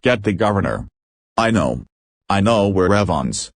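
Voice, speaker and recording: A badly hurt prisoner in clerical dress, voiced by a man reading a story aloud, pushing out urgent, broken phrases between heavy breaths. The voice sits low, and the recording is close and dry. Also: big pitch swings, a little slow, no room sound, full character voice. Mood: urgent, pained. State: injured, breathing heavily. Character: wounded male prisoner posing as a clergyman.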